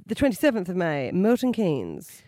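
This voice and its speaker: A woman's voice: fairly low pitch, wildly swooping pitch, moderate pace, mellow, no room sound, studio quality. A woman co-hosting a casual comedy podcast, telling self-mocking stories in a chatty way. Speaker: podcast co-host.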